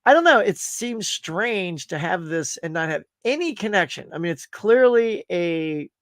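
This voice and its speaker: Male pop culture host, fairly high voice, dry close sound, rambling and animated, laughs often. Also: measured pace, no room sound. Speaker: podcast host. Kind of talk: casual pop culture chat.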